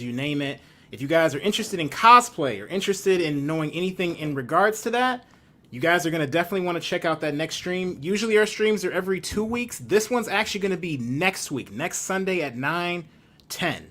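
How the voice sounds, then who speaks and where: A man's voice: a little high, sharp tone. A man hosting a casual interview stream, easygoing and a little hesitant as he reads out announcements. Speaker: host.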